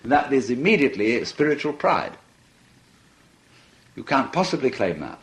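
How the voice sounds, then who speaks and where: Lively, amused older man lecturing. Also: mid-range voice, normal speed, rough recording. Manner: conversational and amused, with frequent laughter. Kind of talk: philosophical lecture.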